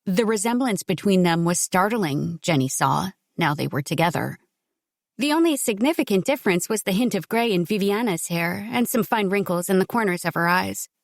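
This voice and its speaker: A woman reading a novel aloud as an audiobook narrator, in steady, measured scripted narration. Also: medium pitch, vocal fry, dry recording, clean studio sound.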